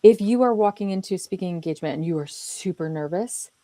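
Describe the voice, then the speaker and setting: Woman, podcast host, dry close sound, low voice, emphatic. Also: quick pace, mellow, no room sound. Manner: earnest, emphatic, acts out little quoted lines. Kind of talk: conversational interview talk.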